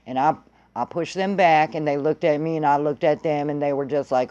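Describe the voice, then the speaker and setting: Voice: mid-range voice, steady tone, fairly quick, darkish tone, highs cut off. A vlogger telling a story in a blunt, heated way and swearing freely. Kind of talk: casual profane storytelling.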